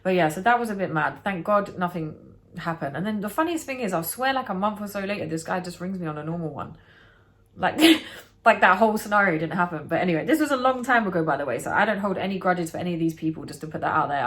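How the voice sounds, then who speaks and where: Lower-pitched woman in her late twenties, animated storyteller who swears freely. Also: fast. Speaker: vlogger. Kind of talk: storytime chat.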